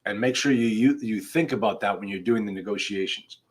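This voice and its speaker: Speaking a little fast in a voice on the low side, this male attorney runs a live online legal class. He addresses viewers directly, keeping things conversational but emphatic.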